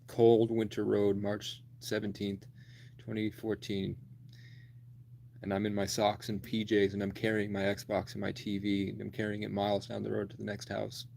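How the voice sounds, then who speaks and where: Low, flat-voiced young man rambling. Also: moderate pace, gravelly, slight background noise. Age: 20s. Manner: profane, blunt, rambling. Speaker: livestreamer. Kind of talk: rambling storytelling monologue.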